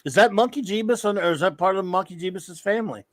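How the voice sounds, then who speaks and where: A man with a fairly high voice rambles through casual live-stream chat, drifting from story to story and calling out to viewers in the chat. The sound is dry and close, with no room around it. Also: fast, no echo. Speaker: co-host of a live fan show.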